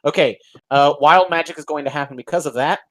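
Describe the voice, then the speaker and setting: A man's voice: fairly high pitch, fast, a bit bright, poor audio. A man narrating as dungeon master, describing the scene vividly and rambling with fillers. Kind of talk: narrating a tabletop game.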